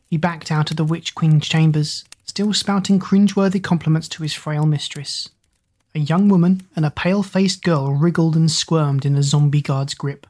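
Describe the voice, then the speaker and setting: A woman reading a fantasy story aloud as a narrator, measured and steady. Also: deep voice. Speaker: audiobook narrator.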